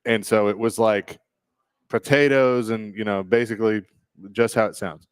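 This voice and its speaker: A man's voice: lowish voice, fairly even intonation, moderate pace, smooth, dry recording, studio quality. Rambling male radio host telling a story. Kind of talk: casual sports radio banter. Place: radio studio. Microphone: studio microphone.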